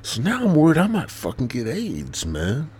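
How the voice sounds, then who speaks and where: A man hosting a podcast, rambling crudely and swearing a lot, dropping to mutters and jumping into loud mock voices. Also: a little high, wildly swooping pitch, moderate pace, breathy edge. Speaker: podcast host.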